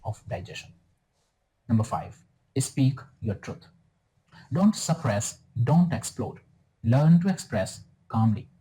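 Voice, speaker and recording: A man narrating a scripted spiritual self-help guide in a calm, soothing, instructive way. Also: mid-range voice, slow, long pauses, rough recording. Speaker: wellness guru in a clip.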